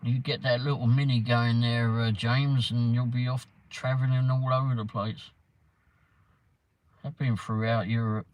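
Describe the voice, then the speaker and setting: An English man chats on a casual livestream at an ordinary mid-range pitch. He rambles from topic to topic and answers viewers by name in a loose, easygoing way. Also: flat delivery, measured pace, no echo, rough recording. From England. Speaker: livestream host. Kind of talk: casual chat reading live comments. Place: in a car around town.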